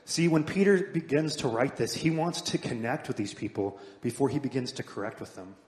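A man's voice: mid-range voice, brisk. Earnest preacher man in an echoey hall. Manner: earnest, builds up then drops to soft emphatic endings. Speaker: pastor. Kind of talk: sermon. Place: church sanctuary. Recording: echoey hall with long reverb.

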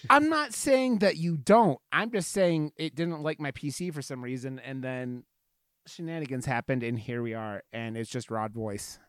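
A man's voice: mid-range voice, normal speed, smooth, dry recording, clean studio sound. A man co-hosting a podcast in casual chat, rambling, swearing and joking about himself. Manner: rambling, swearing, self-deprecating. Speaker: podcast co-host.

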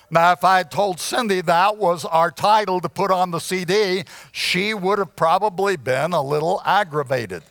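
High-pitched guy preaching, slow, keeps clearing his throat and restarting, dry close sound. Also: a bit bright, dry recording. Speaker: pastor. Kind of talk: sermon. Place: church.

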